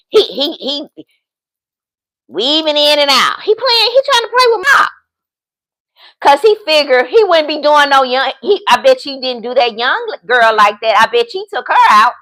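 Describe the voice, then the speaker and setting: A bright, high-voiced woman in her fifties chats straight to her viewers like a friend. Her pitch leaps and swoops as she tells a story and acts out both sides of a phone call. It is casual storytelling with a lot of life in it. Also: lively intonation, normal speed. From United States. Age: 50s. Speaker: vlogger.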